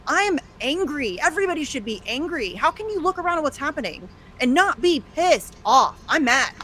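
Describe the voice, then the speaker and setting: Casting: high-pitched woman, furious and emphatic, faint rumble behind. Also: very animated, a little fast, sharp tone. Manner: indignant, emphatic, swears. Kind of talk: angry political rant.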